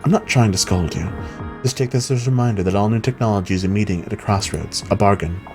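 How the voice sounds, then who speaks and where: A man's voice: fairly low pitch, fast talker, music in the background, natural voice. A man voicing a wry, knowing woman hacker as he reads game dialogue aloud, with a dry, arch delivery.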